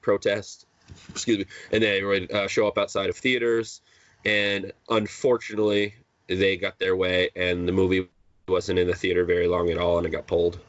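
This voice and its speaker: A man's voice: low-pitched, fairly bright tone. Rambling man on a lo-fi podcast. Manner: rambling, full of fillers and restarts. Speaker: podcast co-host. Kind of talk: casual chat. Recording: dull lo-fi sound, dry.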